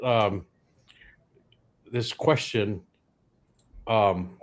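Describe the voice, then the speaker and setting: Extremely slow and lowish in pitch, this man's voice belongs to a podcast guest comedian in his 60s from Louisiana. He rambles through anecdotes that end in dry punchlines.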